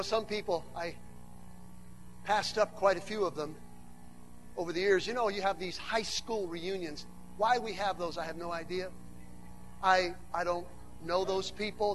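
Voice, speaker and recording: A man preaching a sermon to a church, mixing humorous asides with animated build-ups that rise to shouts. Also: sits high.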